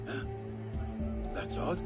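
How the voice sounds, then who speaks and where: An actor playing a gruff male city guard, shouting curses and threats while hunting someone in a video game. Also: extremely slow. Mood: angry searching. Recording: game audio with music underneath.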